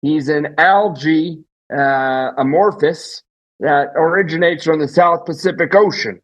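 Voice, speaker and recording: A man playing an odd, deadpan exotic animal handler who is a guest on a comedy podcast, talking in a fussy, apologetic way. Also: on the high side, a little slow, poor audio.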